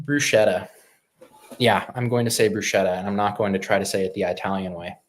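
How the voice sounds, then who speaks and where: A man's voice: lowish voice, fairly even intonation, fairly quick. A man hosting a live stream, talking casually in a rambling, opinionated way with lots of fillers and restarts.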